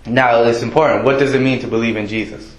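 A man delivers a sermon in a loose, conversational manner, pausing often with ums and uhs. His voice sits at an ordinary middle pitch. The room around him rings with echo. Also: steady tone. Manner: casual, conversational preaching with many fillers. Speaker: preacher. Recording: echoey room.

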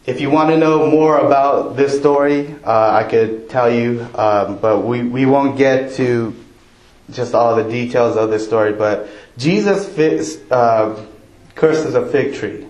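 A man preaches to his congregation in a church, keeping it conversational and putting questions to them. His mid-range voice is a little mellow and unhurried, with a roomy church echo around it.

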